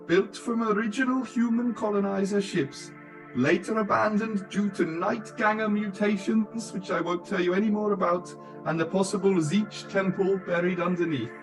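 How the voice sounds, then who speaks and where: A cagey tour guide with a put-on Swedish accent, as a podcast host puts him on, pitched high and a little hurried. He talks in ominous, secretive guide patter. Music plays clearly behind him. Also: poor audio. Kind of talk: role-play on a podcast.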